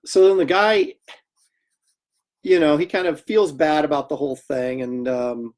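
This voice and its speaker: A man hosting a livestream, chatting casually and telling animated anecdotes with laughter while he draws. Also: on the high side, measured pace. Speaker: comic artist hosting a livestream. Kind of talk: casual storytelling while drawing.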